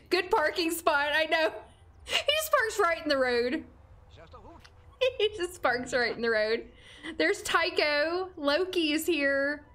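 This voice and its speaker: Her voice sits high and a bit bright as this young adult woman chats through a game stream, often laughing and speaking to the characters on screen. There's faint background music.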